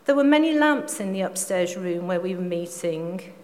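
Woman reading scripture in a reverberant space. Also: fairly low pitch. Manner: steady, measured reading with occasional stumbles and restarts. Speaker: scripture reader. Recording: long reverb, faint background noise.

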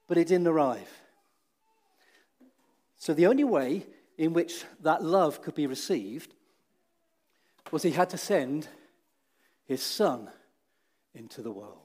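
A man with a slightly raised voice leads a children's talk in a church hall. He tells the story with restarts and hesitations, lifts his voice for dramatic moments and sinks low and quiet for the solemn ones. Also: animated, measured pace, pauses often. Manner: storytelling with many restarts, dramatic rises and hushed drops. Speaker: preacher.

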